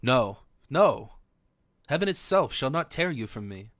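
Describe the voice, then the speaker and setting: A man's voice: mid-range voice, very animated, unhurried, a bit bright, no echo, clean studio sound. Man reading an impassioned desperate young king. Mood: vehement. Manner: impassioned, vowing, formal old-fashioned speech. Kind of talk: audiobook character reading.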